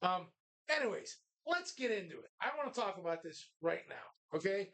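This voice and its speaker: A man's voice: high-pitched, big pitch swings, normal speed, gravelly, sharp tone. A man hosting a casual live show from a bar, talking crudely and emphatically with lots of swearing. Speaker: host. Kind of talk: casual bar podcast banter.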